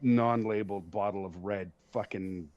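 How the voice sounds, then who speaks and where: A man hosting a podcast, telling stories in a casual, profane, animated way and laughing at himself. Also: on the low side, normal speed. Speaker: podcast host. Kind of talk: casual storytelling chat. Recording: dull lo-fi sound.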